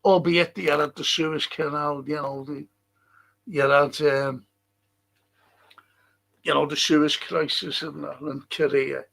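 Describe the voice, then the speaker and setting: The older livestream host speaks slowly in a fairly high, creaky, somewhat bright voice with little pitch movement and long pauses. His casual, rambling delivery is profane, and he chuckles a lot while going through viewer comments.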